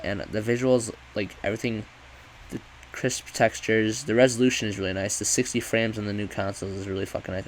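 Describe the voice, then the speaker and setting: A man with a lowish voice rambling through a casual game review, swearing freely and backtracking mid-sentence. Faint noise hums behind him. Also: poor audio. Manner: rambling, profane, self-correcting.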